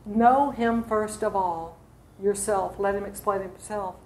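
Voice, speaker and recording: A woman's voice: mid-range voice, steady tone, a little slow, darkish tone, a little hiss or hum. A woman teaching an adult class in a church classroom, lecturing in a chatty way with fillers and asides to her students. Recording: roomy classroom recording.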